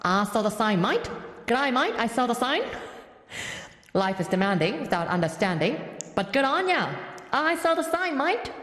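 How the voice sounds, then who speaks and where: A woman's voice: fairly high pitch, big pitch swings, moderate pace, pauses often, a bit bright, roomy sound, long reverb tail. A woman voicing Samantha, a cheery Australian woman with an Australian accent who drops slang into every line.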